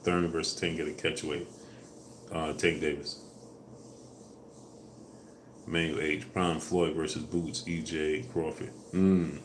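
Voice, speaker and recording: A man hosting a casual live stream, answering viewers in a relaxed way with fillers, louder when asking for likes. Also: rumbling low, slow pace, pauses often, a little hiss or hum. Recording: echoey room with faint ambience.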